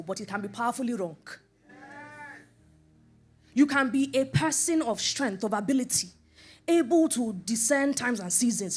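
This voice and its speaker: Animated middle-aged woman preaching, higher voice. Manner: animated, acts out scripture quotes and dialogue; rhetorical questions, repeated for emphasis. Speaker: preacher and life coach. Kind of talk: sermon.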